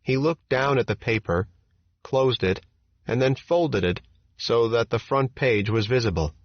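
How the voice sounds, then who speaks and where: A man narrating an audiobook memoir in the first person, with measured, steady storytelling. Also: mid-range voice, no room sound. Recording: dull, dry audiobook recording.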